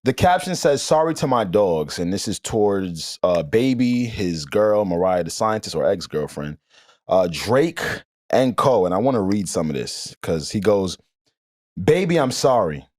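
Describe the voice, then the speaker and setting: Animated, loose-talking male podcast host. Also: sits low, moderate pace. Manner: laughs hard, swears freely, reads captions aloud. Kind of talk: casual chat.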